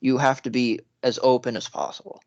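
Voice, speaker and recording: A man's voice: mid-range voice, little pitch movement, fairly quick, darkish tone, dry recording. A young man co-hosting a podcast, giving earnest opinions in casual chat and laughing between points. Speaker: podcast co-host. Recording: dry, muffled mic.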